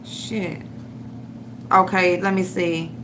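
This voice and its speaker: A woman's voice: lowish voice, little pitch movement, slow pace, background noise. A woman hosting an online show, ranting and mocking someone with heavy profanity while she looks for a clip to show her viewers. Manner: profane, mocking, trash-talking. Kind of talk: ranting commentary livestream.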